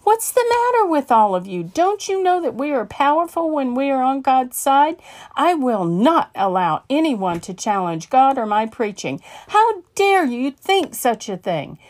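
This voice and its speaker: A woman's voice: fairly high pitch, lively intonation, normal speed, few pauses, darkish tone, voice pushed up, natural voice. A woman voicing a bold, fearless old woman preacher who proclaims and commands. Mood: indignant.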